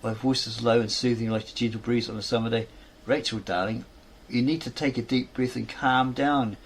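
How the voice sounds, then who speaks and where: A man voicing a calm, soothing young actress. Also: mid-range voice, slightly rough. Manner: measured, soothing.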